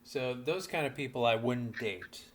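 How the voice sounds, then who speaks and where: Male podcast co-host, relaxed and agreeable, average pitch. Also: unhurried. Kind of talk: casual chat.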